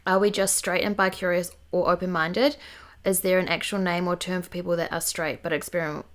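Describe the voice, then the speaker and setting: Talking a bit fast in a lowish voice, a young woman with a New Zealand accent co-hosts a casual podcast. Her manner is loose and conversational as she reads listener questions aloud.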